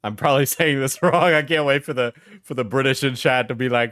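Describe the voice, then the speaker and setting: A man's voice: medium pitch, a little fast, few pauses, a bit bright, dry recording, studio quality. A man streaming and reacting casually, laughing often and restarting his sentences.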